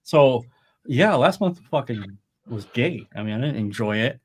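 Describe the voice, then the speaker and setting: A man's voice: mid-range voice, lively intonation, a little slow, husky. A middle-aged man talking casually on a live stream, rambling and swearing freely. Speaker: podcast co-host. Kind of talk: casual chat.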